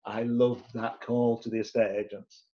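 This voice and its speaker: A man, telling an animated story to camera and acting out the other people's voices as he goes. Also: medium pitch, normal speed, dull audio. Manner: lively, acts out the other voices in his tale. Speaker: property investor sharing his story.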